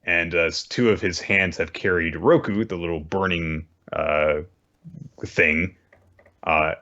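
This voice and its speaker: A man retelling manga chapters on a casual podcast, full of "uh"s and restarts. His voice is very low. The recording sounds dull and muffled, as if through a cheap mic. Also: steady tone, slow pace, pushed and bright. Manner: plain, filler-heavy plot retelling. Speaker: podcast co-host. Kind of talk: casual manga recap chat.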